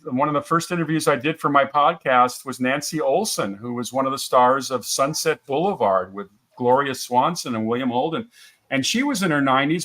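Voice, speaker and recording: An older man talks easily as an interview guest, reeling off stories about his work. He laughs often and keeps a relaxed, chatty flow. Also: medium pitch. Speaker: interview guest, film writer and podcaster. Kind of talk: casual interview chat.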